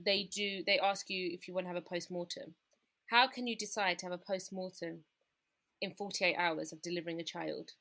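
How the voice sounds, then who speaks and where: A woman telling her own story in a candid, reflective conversation, growing quieter at the painful parts. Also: medium pitch. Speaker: guest sharing her experience.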